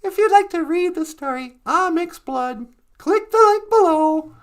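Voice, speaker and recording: Playful high-voiced woman storyteller. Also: expressive, unhurried. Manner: playful, laughing, self-correcting. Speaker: storyteller host. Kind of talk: casual oral storytelling.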